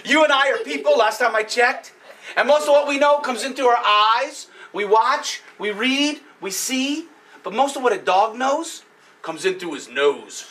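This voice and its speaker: High-voiced, animated male storyteller. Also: measured pace, distant mic, a little hiss or hum. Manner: animated, playful, with sound effects and audience questions. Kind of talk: live storytelling for children.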